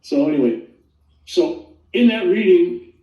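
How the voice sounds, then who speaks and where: An older man casually telling his near-death story in a rambling, animated way, acting out the voices he quotes. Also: high voice, unhurried, muffled recording. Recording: roomy sound, distant from the mic.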